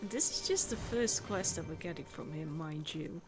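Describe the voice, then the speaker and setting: A woman giving casual, chatty let's play commentary with blunt, quiet asides. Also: sits low, animated, moderate pace, music in the background.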